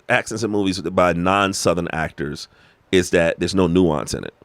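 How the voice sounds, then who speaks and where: An American man chatting as a podcast guest, animated and emphatic, swearing freely as he tells stories. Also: sits low, moderate pace, dry recording. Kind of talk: casual conversation.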